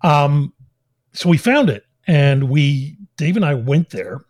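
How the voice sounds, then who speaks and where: A man's voice: a little high, slow pace, dry recording. A man co-hosting a podcast, telling a story in casual chat and acting out the people he quotes. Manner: animated storyteller, laughs often, acts out quoted voices. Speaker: podcast co-host.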